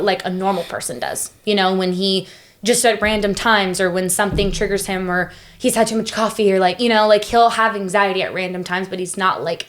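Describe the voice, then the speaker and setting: A young woman talking openly as a podcast guest, chatty and full of fillers and restarts. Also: mid-range voice. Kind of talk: casual conversational interview.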